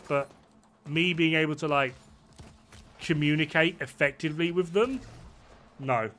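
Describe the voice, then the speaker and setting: Bright-voiced streamer chatting while gaming. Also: male voice, a little high, a little slow, long pauses. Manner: rambling, swears freely. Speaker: game streamer. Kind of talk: casual chat while gaming.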